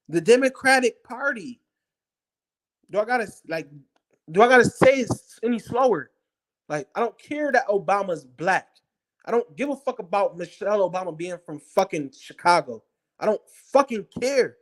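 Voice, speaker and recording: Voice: medium pitch, lively intonation, moderate pace. Heated, profane political ranting monologue. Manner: blunt, profane, combative, repetitive. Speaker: political commentator.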